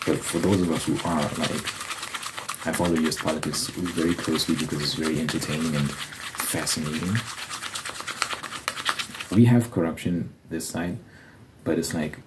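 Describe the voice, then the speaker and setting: A man's voice: rumbling low, steady tone, moderate pace. A young man hosting an ASMR channel, chatting in a rambling, opinionated and profane way. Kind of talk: casual ASMR chat. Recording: loud background noise and clicks.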